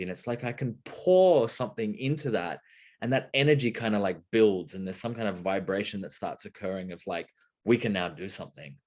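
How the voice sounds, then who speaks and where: Guest, man, low voice, lively storyteller who acts out quoted bits. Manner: expressive, acts out little quoted exchanges. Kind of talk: casual conversation.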